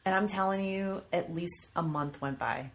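A woman in her thirties chatting casually on a podcast, telling lively stories and acting out what others said. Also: lowish voice, normal speed. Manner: animated storyteller, acts out voices in quotes. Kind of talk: casual chat. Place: studio with microphones.

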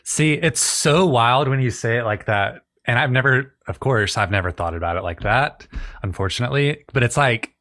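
A man's voice: medium pitch, normal speed, a bit bright, dry recording, clean studio sound. A man from the American South, hosting a casual conversation, reflective and thinking aloud.

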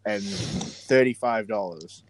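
A man's voice: lowish voice, slow. A young man, co-hosting a podcast in an offhand, joking way. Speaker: podcast co-host. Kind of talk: casual chat.

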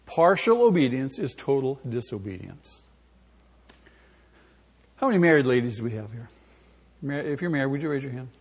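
Male pastor, emphatic sermon, questions to the congregation, long church reverb, fairly high voice. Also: expressive, fairly quick, long pauses, a little mellow, husky. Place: church sanctuary.

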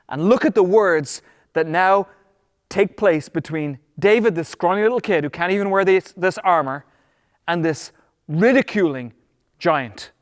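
A man preaching a sermon as pastor, emphatic, slowing down on key words and then rushing ahead. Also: high-pitched, dry recording, clean studio sound, big-room sound. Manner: emphatic preaching, shifting between slow stress and quick bursts.

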